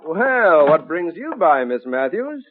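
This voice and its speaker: An actor playing a flustered, glib professor husband in a 1950s radio sitcom. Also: male voice, fairly high pitch, sing-song, slight background noise. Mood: wry. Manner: flustered, fast excuses. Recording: tinny old radio broadcast, dry.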